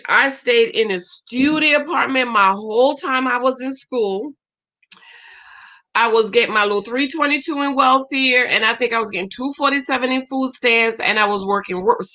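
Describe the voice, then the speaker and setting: Middle-aged woman, live-stream co-host, bright tone, chatty and animated with her audience. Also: on the high side, moderate pace. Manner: animated, talks back to viewers' comments. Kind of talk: casual live-stream chat.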